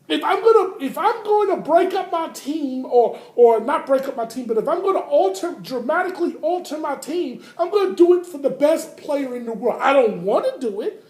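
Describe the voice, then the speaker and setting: A woman's voice: sits high, expressive, moderate pace, few pauses, darkish tone. A woman hosting a sports talk show, giving an emphatic, opinionated commentary monologue that hammers points home and calls her listeners "folks.". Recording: roomy echo.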